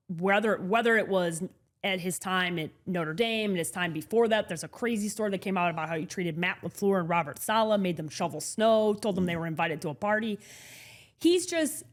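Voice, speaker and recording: Blunt, emphatic woman sports co-host. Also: on the low side. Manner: blunt and emphatic, swears casually. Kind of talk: casual sports talk.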